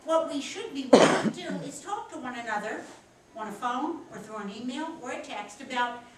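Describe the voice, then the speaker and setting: A woman with a Philadelphia accent teaching a professional etiquette class, animated and encouraging as she talks with her students. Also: high voice, a little fast, recorded from a distance, a little hiss or hum. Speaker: instructor. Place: large echoey classroom. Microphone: distant room mic. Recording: echoey room recorded from afar.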